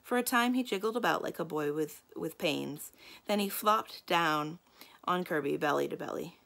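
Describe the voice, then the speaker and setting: A woman librarian reading a children's mystery book aloud in a calm, inviting storytelling manner. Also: lowish voice, moderate pace, gravelly.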